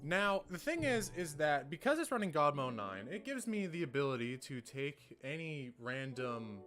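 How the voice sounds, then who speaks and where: A man's voice: on the high side, big pitch swings, moderate pace, fairly bright tone. Young male streamer, casual profane rant, music underneath. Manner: ranting, profane, rambling. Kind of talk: casual livestream chat. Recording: music playing behind.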